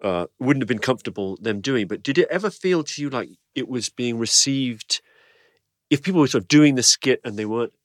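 A man's voice: mid-range voice, expressive, a little fast, no echo, clean studio sound. A male podcast host asking long, winding interview questions, full of restarts and hedging.

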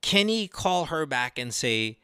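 Brash, lively-voiced male podcast host. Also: fairly high pitch, measured pace, clean tone, no room sound. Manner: brash, crude and teasing. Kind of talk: call-in advice show banter.

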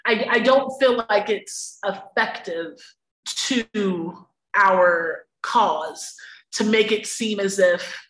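A woman's voice: medium pitch, drawn-out words, a bit bright, roomy sound, poor audio. A woman guest on a podcast, talking candidly and emphatically, laughing often and swearing freely. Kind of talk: candid conversational interview.

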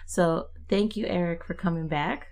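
A young adult woman hosting a casual podcast and doing a tarot reading, chatty and quick to laugh. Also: lowish voice, gravelly, a little hiss or hum. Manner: chatty, laughs often, relaxed and warm-hearted. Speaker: podcast host and tarot reader.

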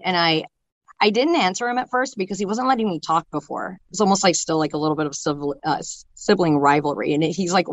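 A young woman telling an emotional personal story in a halting way, full of fillers and restarts. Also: fairly low pitch, no room sound. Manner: halting, filler-heavy talk with many restarts. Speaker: storyteller sharing a personal loss.

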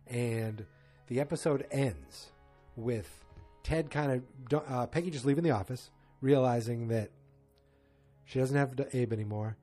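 A man's voice: mid-range voice, mellow, slightly rough. A man casually recapping a TV episode in a loose, rambling way with joking asides.

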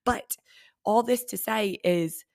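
Young woman, podcast host, business coach, casual and emphatic, soft near-whispers, dry close sound. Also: mid-range voice, slow, dry recording. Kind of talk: casual solo podcast monologue.

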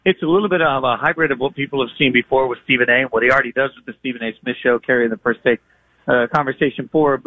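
A man hosting a sports radio show, talking in a casual, energetic way and acting out other people's voices in his stories. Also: mid-range voice, no room sound, narrow, tinny audio. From moved from Nashville to Connecticut. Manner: animated, mimics voices in anecdotes. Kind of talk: fast, energetic casual talk.

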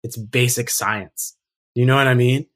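A man's voice: mid-range voice, steady tone, a little slow. A man talking as a podcast guest in casual conversation, earnest and emphatic, reflecting at length.

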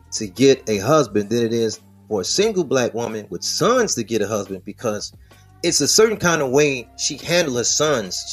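A man's voice: mid-range voice, husky. A man hosting a podcast, talking through the news in casual, slangy, profane commentary. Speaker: podcast host.

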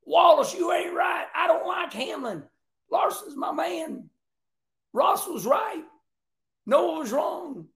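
A man shouting as a riled-up racing fan. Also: very high-pitched, lively intonation, slow pace, gravelly, roomy sound, voice pushed up, full character voice. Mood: heckling. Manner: shouting, heckling.

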